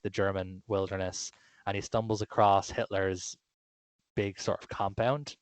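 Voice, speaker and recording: A man's voice: on the low side, no room sound. A man co-hosting a podcast, chatting casually and enthusiastically about films, with many fillers and restarts. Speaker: podcast co-host. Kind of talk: casual film chat.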